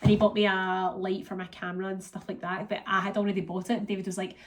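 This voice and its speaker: A woman's voice: medium pitch, little pitch movement, fast talker, slight background noise. A Scottish woman vlogging in a casual, rambling chat, sounding congested and run down from being ill. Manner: chatty, rambling, lots of fillers.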